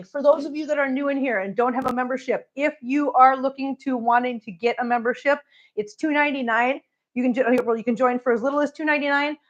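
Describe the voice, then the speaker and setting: Chatty woman on a lo-fi stream. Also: sits high. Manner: chatty, talks to her cats and chat viewers. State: out of breath. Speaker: cat channel vlogger. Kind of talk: casual livestream chat while cleaning.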